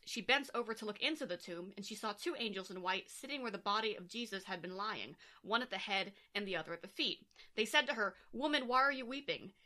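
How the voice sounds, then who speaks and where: Woman co-host, bright tone, sarcastic podcast banter with scripture read-alouds. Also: mid-range voice. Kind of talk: casual comedic chat.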